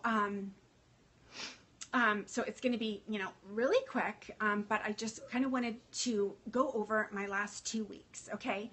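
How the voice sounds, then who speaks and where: Woman, husky, slightly high voice; casual livestream talk, emotional, rambling, lots of fillers. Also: fairly bright tone. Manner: emotional, rambling, many fillers and restarts, greets viewers by name. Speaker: fashion consultant livestreaming to followers.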